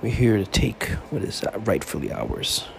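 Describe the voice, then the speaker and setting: A man's voice: lowish voice, sing-song, normal speed, vocal fry. A man hosting his own sports fan podcast, delivering a profane, fired-up monologue. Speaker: podcast host. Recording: faint background noise.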